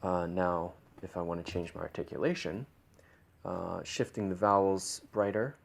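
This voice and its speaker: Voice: low-pitched, fairly even intonation, moderate pace, gravelly. A young adult voice coach walking through a vocal technique demonstration, changing the voice from step to step. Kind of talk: instructional demonstration.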